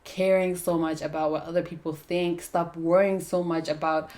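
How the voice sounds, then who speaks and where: A woman giving a casual tarot and astrology reading, chatty and thinking aloud, often checking in with "right?". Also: fairly low pitch. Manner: lists keyword traits in a slow steady run. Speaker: tarot reader.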